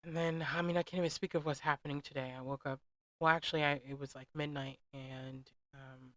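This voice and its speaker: A woman's voice: deep voice, fairly even intonation, brisk, fairly bright tone, no echo. A woman in her thirties hosting a personal reflective monologue, talking candidly and emotionally, with many fillers and restarts. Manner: emotional, vulnerable. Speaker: host.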